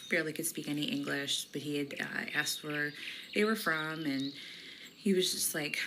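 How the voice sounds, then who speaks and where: A woman's voice: low-pitched, steady tone, normal speed. A woman chatting casually, telling a family story with many fillers. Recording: noisy recording.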